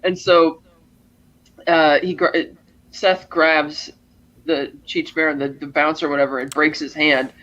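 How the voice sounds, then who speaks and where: A man's voice: on the high side, level tone, measured pace, sharp tone, lo-fi sound. A man co-hosting a podcast, casually retelling a movie's scenes and acting out the characters' lines. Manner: retells scenes with acted-out quotes. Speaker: podcast co-host. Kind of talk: casual movie recap chat.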